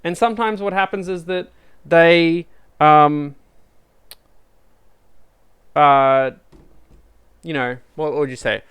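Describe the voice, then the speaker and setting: A man's voice: on the high side, fairly even intonation, takes it slowly, pauses often, fairly bright tone, clear, resonant tone, no room sound, clean studio sound. A man giving a casual university lecture, chatty and conversational, acting out student dialogue as he explains. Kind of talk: casual live-streamed lecture.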